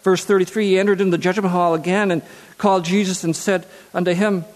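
A man's voice: sits high, fairly even intonation, quick pace, big-room sound. A man preaching a sermon who reads scripture aloud and then repeats key phrases for emphasis.

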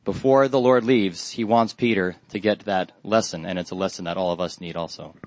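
A man giving an expository Bible study sermon, earnest and halting, lifting his voice on quoted questions. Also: low voice, fairly even intonation, a little mellow, a little hiss or hum, low-quality recording. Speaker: Bible teacher.

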